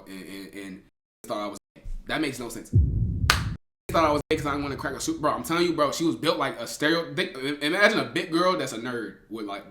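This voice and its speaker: A young man telling a story to his live chat in a casual, slangy way, laughing often and swinging between loud and hushed. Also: medium pitch. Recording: roomy echo.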